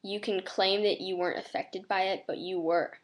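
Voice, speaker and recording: An American teenage girl speaking earnestly and reflectively to camera, with many fillers and a flat, monotone delivery. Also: medium pitch, moderate pace. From United States. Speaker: vlogger.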